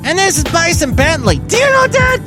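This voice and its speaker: Cartoon goof: a squealing, high-pitched oddball, music underneath. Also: male voice, very animated, brisk. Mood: goofy. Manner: very high, repeats "do you know that?". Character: Bison Bentley, goofy cartoon man in jumpsuits.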